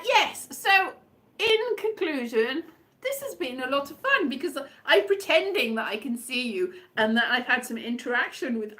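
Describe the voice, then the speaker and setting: High, lively woman rambling with guitar. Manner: self-mocking, wandering asides. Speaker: comic poet. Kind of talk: rambling comic monologue.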